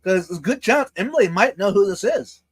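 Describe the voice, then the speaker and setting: A man's voice: high voice, breathy edge, no echo. A man hosting a live stream, chatting casually, stumbling over words and laughing a lot. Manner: lively, halting, laughs a lot.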